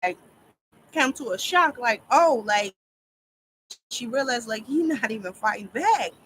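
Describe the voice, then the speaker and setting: A woman casually telling a long story to her viewers, rambling and animated, often laughing as she talks. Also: a little high, a little slow, a little hiss or hum, poor audio. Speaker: storyteller vlogger.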